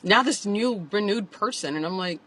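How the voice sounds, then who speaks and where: Bright, lively woman telling a painful story. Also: medium pitch, normal speed, low-quality recording. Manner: emotional, confessional, fillers of "like". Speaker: vlogger telling her own story. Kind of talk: candid storytime vlog.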